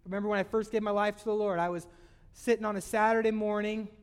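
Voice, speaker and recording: A man preaching a sermon, with sudden loud swells and soft drops in his voice. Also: sits high, steady tone, fast talker, clean tone. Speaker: pastor. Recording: long hall reverb.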